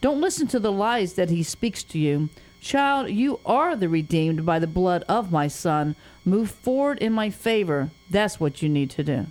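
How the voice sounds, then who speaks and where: A woman's voice: mid-range voice, lively intonation, a little slow, few pauses, darkish tone. A woman reading an inspirational poem aloud on a Christian radio show, in a solemn, tender voice that rises and falls. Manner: solemn, tender reading with rising and falling phrases. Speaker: guest poet.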